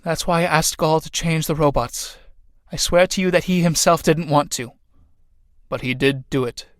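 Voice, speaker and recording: A man's voice: fairly high pitch, steady tone, normal speed, dry recording, studio quality, natural voice. Helena, a man reading an earnest young woman. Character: young woman pleading with her husband.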